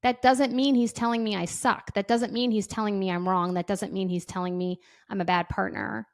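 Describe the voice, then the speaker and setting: A woman in her thirties hosting a casual advice podcast, chatty and quick to act out little bits of dialogue. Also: medium pitch, flat delivery. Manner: chatty, says "like" often, acts out dialogue. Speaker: podcast host.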